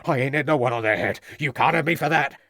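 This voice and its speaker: A man voicing a surly, aggressive farmer in an audiobook, defiant, with rough rural grammar. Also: mid-range voice, fast, sharp tone, no room sound, clean studio sound, pitched above the performer's own voice. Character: surly, aggressive male country farmer under questioning. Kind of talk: audiobook character voice.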